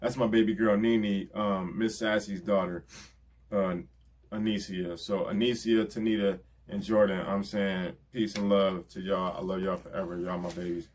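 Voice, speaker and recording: A man's voice: low-pitched, little pitch movement, moderate pace, darkish tone. A man, talking earnestly and casually as he thanks the people in his life. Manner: earnest, repeats "you know what I'm saying". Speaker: rapper giving album shout-outs. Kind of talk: casual heartfelt talk.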